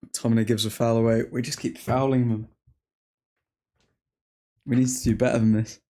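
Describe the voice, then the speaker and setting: A man's voice: medium pitch, flat delivery, moderate pace, mellow. A man hosting a football watchalong, reacting live to the match in chatty fan talk full of slang. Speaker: watchalong host.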